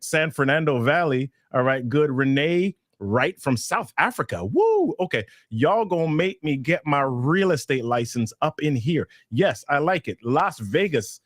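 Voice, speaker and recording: A man hosting a live online workshop, talking with excitable energy as he introduces a guest and reads viewer names from the chat. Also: mid-range voice, no room sound, clean studio sound. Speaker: host. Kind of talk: hyped live-stream hosting.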